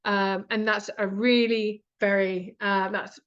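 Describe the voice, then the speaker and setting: A British woman leads a writing lesson over a video call, chatty and full of small asides and ums. Her voice sits at an everyday middle pitch. The audio is a little dull and lo-fi. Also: little pitch movement, slow, fairly bright tone, clear, resonant tone. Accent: British English. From Britain. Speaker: writing course instructor. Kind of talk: online teaching session.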